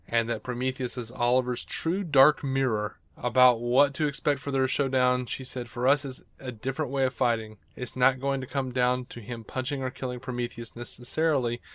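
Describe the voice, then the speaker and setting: A man co-hosting a casual podcast, moving between reading news items and joking asides. His voice sits at an ordinary middle pitch. The recording is dry and close, with no room sound. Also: fairly bright tone, no room sound. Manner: reads quotes then jokes and laughs easily.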